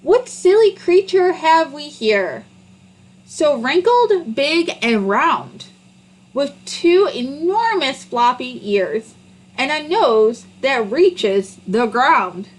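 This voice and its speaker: A woman's voice: high voice, very animated, takes it slowly, full character voice, low-quality recording. A woman doing a vain, mocking storybook donkey. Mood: scornful.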